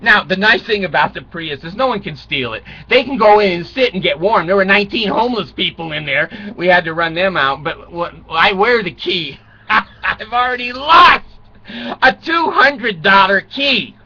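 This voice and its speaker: A man's voice: high voice, expressive, moderate pace, bright, forceful tone, slightly rough. Older man spinning self-mocking comic stories. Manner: self-mocking, swears, laughs through his stories. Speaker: vlogger. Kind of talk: rambling comic storytelling. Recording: dull lo-fi recording.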